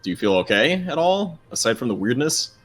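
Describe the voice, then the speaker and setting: A man's voice: mid-range voice, sing-song, a little fast, faint music behind. A man playing a bard in a tabletop game, speaking casually and a bit hesitantly. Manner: hesitant, laughs often. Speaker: player. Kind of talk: casual in-character play.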